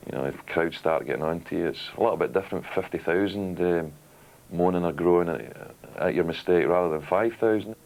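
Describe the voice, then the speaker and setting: Male ex-player with a very deep voice, plain-spoken and direct. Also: a little fast, gravelly, a little mellow, low-quality recording. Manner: plain-spoken, matter-of-fact. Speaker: former footballer interviewee. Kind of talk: reflective interview.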